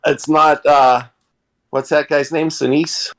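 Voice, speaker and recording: A man's voice: on the high side, flat delivery, slow, fairly bright tone. A man guesting on a podcast, easygoing and self-deprecating in casual chat.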